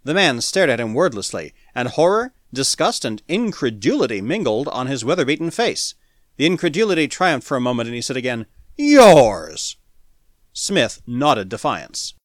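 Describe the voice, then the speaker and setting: Lively male audiobook narrator. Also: mid-range voice, dry recording, clean studio sound. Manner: dramatic, animated storytelling. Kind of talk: expressive story reading.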